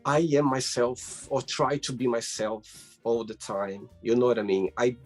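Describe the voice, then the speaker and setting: Male host, husky tone, faint music underneath, effusive and gushing on a video call. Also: medium pitch, unhurried. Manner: emotional, effusive, many fillers. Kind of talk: casual interview chat.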